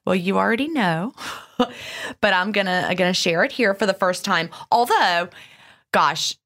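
A woman's voice: mid-range voice, expressive, a little slow, fairly bright tone. A woman co-hosting a podcast, talking casually and emotionally, with laughs and restarts. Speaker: podcast co-host.

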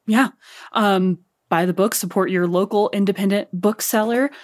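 A woman with an Arkansas accent, a podcast guest, talking in a dry, upbeat way with quick jokes. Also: medium pitch, fairly even intonation. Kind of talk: casual podcast interview.

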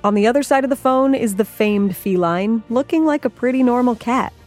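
A woman's voice: fairly high pitch, a little fast, darkish tone, soft background music. A woman co-hosting a podcast, narrating in a conversational scripted way with a lightly wry, questioning manner. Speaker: podcast co-host.

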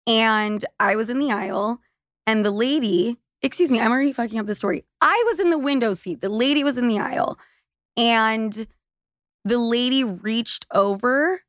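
A woman's voice: a little high, normal speed, no echo. Chatty woman with a dry close sound. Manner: chatty, laughs through her story. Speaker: podcast guest. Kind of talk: casual chat.

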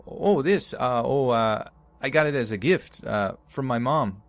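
A man's voice: medium pitch, lively intonation, a little slow, no echo, pitched above the performer's own voice. A man voicing a terrified young man who stammers in a put-on Canadian accent. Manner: stammering, frightened.

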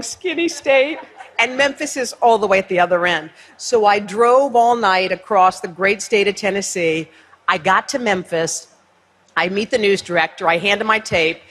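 A woman giving a lively, self-mocking storytelling speech on a stage before an audience, acting out other people's lines. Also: mid-range voice, breathy edge. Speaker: speaker.

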